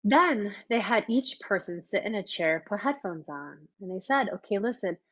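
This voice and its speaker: A woman leading a long workshop, talking in a chatty, enthusiastic way with lots of fillers, her voice a little hoarse. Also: mid-range voice, lively intonation, moderate pace, a bit bright, no echo, dull audio. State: slightly hoarse, losing her voice. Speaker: workshop leader. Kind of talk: teaching a live online workshop.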